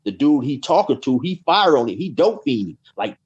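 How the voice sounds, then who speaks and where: A middle-aged man tells a long story as an interview guest. He talks casually and rambles, filling his pauses with "you know" and repeating words. His voice sits at a middling pitch, and the recording sounds dull and lo-fi. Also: very animated, darkish tone, breathy edge. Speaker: guest telling prison stories.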